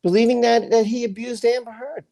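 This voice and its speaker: A man's voice: very high voice, steady tone, a little fast, creaky, mellow. A man hosting a livestream and ranting angrily, emphatic and repetitive, often stumbling over his words. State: angry. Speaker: livestream host. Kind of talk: angry livestream rant.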